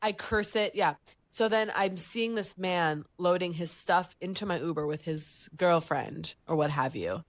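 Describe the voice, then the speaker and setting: A woman in her thirties co-hosting a podcast, telling a story in a lively way and acting out the voices of people she quotes. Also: a little slow, dry recording. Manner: animated storyteller, acts out voices and jumps up high for quoted lines. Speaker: podcast co-host. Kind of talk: casual chat, telling a story.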